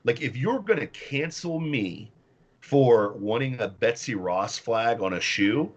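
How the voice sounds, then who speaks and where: A man's voice: medium pitch, expressive, measured pace, muffled recording. A man from the US Midwest, a guest on a talk show, ranting bluntly and combatively about politics. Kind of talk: casual political chat.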